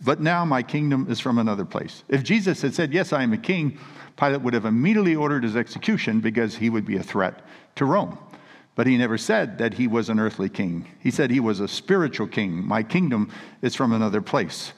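A man's voice: medium pitch, animated, brisk. A man preaching a sermon with earnest, emphatic storytelling. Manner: earnest, emphatic storytelling with read scripture quotes. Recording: long reverb of a large hall.

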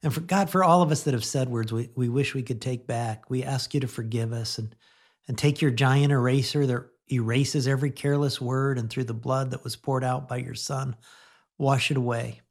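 A middle-aged man giving a conversational radio sermon, chatting gently and laughing now and then, then leading a prayer. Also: medium pitch, fairly even intonation, normal speed. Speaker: pastor.

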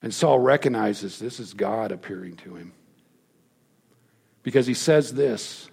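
A man preaching a sermon, telling the story emphatically and dropping to hushed lows. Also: measured pace, gravelly, long pauses, slightly rough.

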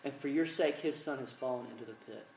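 A man's voice: medium pitch, fast, slight background noise. Man preaching in an echoey room. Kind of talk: sermon with storytelling and prayer. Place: large room, evening gathering. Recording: echoey, distant mic, faint ambience.

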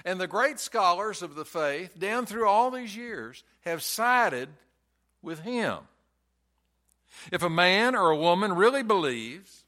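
A man preaches a Sunday sermon at an unhurried, deliberate pace. His voice is bright and clear and sits a little high. He presses each point by repeating it. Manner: slow, emphatic preaching with repeated phrases. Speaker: pastor.

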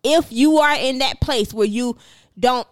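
A woman's voice: high voice, unhurried, dry recording. Dry-voiced woman chatting frankly. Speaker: co-host. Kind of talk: casual podcast chat.

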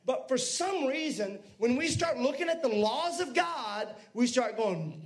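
A male pastor delivers a sermon in a strikingly high voice. He preaches with energy and turns to the congregation with asides. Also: very animated, unhurried.

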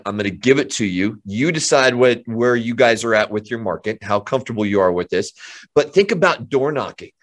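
A man with an average-pitched voice delivers a fired-up motivational talk to real estate agents. He speaks emphatically, pushing his points hard and often repeating words as he builds momentum.

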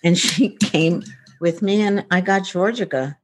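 A woman's voice: fairly low pitch, unhurried, no room sound. Woman futurist rambling thru stories, lots of "you know", plays out the back-and-forth, dry close sound. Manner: chatty, acts out quoted dialogue, many fillers. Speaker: guest, futurist. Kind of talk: casual storytelling interview.

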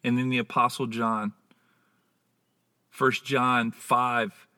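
A man preaching a sermon, teaching in a deliberate, emphatic way and stretching out key words for stress. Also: mid-range voice, little pitch movement, bright, forceful tone.

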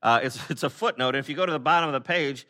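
A pastor preaching a conversational sermon, with many fillers and restarts, who acts out the people he quotes in lively voices. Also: mid-range voice, fast.

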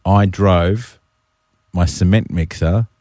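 A man's voice: low-pitched, slow pace, dark tone. An Australian man hosting a radio show, telling stories in a chatty, matey way. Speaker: radio host. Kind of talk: breakfast radio banter. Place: radio studio. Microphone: studio mic.

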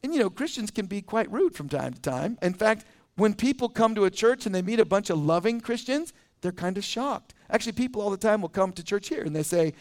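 A pastor preaching a conversational sermon in church, chuckling often and acting out little scenes. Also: male voice, high voice, animated, a little fast.

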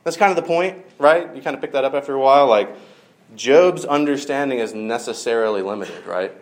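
A man's voice: mid-range voice, fairly quick. A man giving a casual sermon, retelling a scripture story in a wry, conversational way with asides and fillers. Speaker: preacher.

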